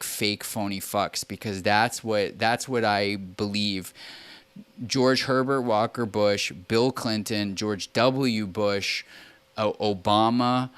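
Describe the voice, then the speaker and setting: A man with a low-pitched, resonant voice talks on a home stream. His delivery is a rambling, profane political rant, full of restarts and quoted exchanges he acts out himself. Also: fairly bright tone, smooth.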